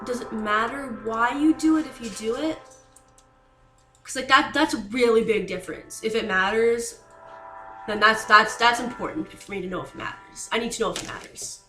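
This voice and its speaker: A woman's voice: a little high, sharp tone, echoey room. A woman playing a tabletop game, anxious and rambling in character, with many likes and restarts. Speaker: player.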